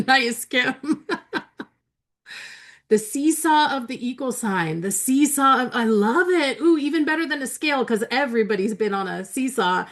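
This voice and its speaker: A woman's voice: high-pitched, animated, normal speed. Chatty woman teaching a math webinar. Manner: chatty, enthusiastic, frequent laughs and fillers. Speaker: math educator hosting a webinar. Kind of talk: live webinar teaching, reading chat aloud.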